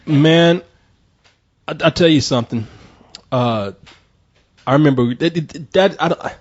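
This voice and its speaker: A man hosting a casual podcast, trading relaxed, chuckling banter with his co-host. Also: on the high side, slow pace. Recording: dull lo-fi podcast audio.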